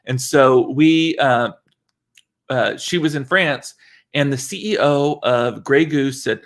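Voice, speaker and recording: A man's voice: medium pitch, normal speed. A man from South Texas, chatting casually and rambling on his livestream. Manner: chatty and rambling, with many fillers and restarts. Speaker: livestream host. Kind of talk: casual live-stream chat.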